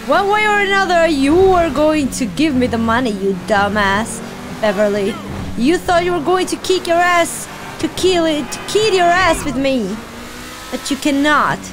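A woman giving casual let's-play commentary, excitable and cheering on or scolding her character. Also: high-pitched, normal speed, noisy background. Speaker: gaming channel host.

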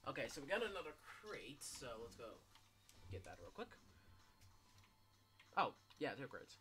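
A man commentating his own gameplay casually, swearing a lot and yelling in sudden bursts. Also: fairly high pitch, big pitch swings, normal speed, soft background music. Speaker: gameplay streamer.

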